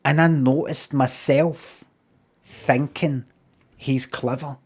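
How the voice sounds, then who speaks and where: A man's voice: mid-range voice, steady tone, slow, husky. A Scottish man streaming, talking in a rambling, sweary way with lots of ums and uhs. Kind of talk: casual rambling monologue.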